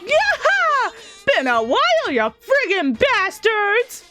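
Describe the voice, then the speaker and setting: A woman's voice: very high voice, huge pitch swings, slow, sharp tone, soft background music, voice pushed up, exaggerated voice. A woman voicing a gleeful, crude male robot bear mastermind who cackles and taunts in a video game. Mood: taunting glee.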